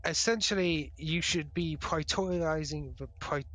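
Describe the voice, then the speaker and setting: A man with a slightly high voice runs a tabletop game as game master. He describes the scene in an easygoing way with short hesitations. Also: a little slow, fairly bright tone.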